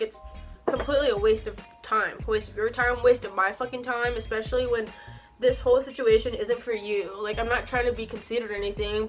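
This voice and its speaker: A young woman telling a personal story for her vlog, swearing often and packing her speech with "like", in a heated and indignant way. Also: fairly high pitch. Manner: heavy swearing, frequent "like" fillers. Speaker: vlogger. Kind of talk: storytime monologue. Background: faint background music.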